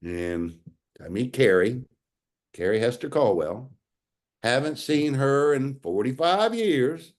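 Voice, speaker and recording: A man's voice: mid-range voice, expressive, takes it slowly. A man, earnestly telling his own story to an audience and calling them y'all. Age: 60s. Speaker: speaker sharing a health testimonial. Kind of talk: personal testimony to an audience.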